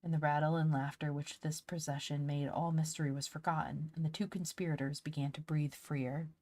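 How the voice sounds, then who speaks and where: A woman narrating a classic novel in a lively reading voice, stumbling now and then. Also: deep voice, fairly quick. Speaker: audiobook narrator.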